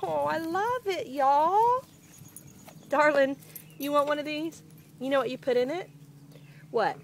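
A young woman, gushing and excitable as she chats casually through an unboxing vlog. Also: high-pitched, measured pace, a little hiss or hum. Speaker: vlogger.

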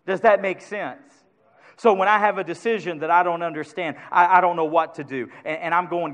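Man preaching in church, pretty high voice, gets loud then drops real quiet, keeps checking if folks are with him. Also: fairly even intonation, brisk, highs cut off. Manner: impassioned preaching, swings from loud to hushed, asks congregation for agreement. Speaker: pastor. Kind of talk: sermon.

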